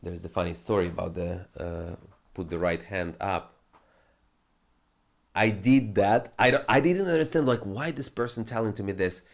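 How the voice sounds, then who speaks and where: A crypto trading channel host rants through market commentary in a lowish male voice at normal speed. He's profane and animated, and his phrasing sounds non-native.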